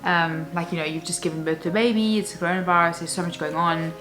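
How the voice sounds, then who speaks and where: A young mother talks openly to her camera in a casual vlog. Her voice sits a little low for a woman, and she rambles along with plenty of fillers. Music plays clearly underneath her. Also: quick pace, low-quality recording. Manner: candid, rambling, many fillers. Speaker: vlogger, new mother.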